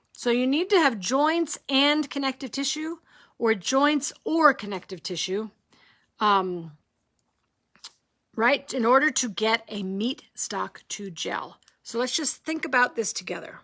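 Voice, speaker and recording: A woman teaching a live online cooking lesson in an animated way. She asks rhetorical questions, keeps checking in with her audience and jokes with them. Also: fairly high pitch, unhurried.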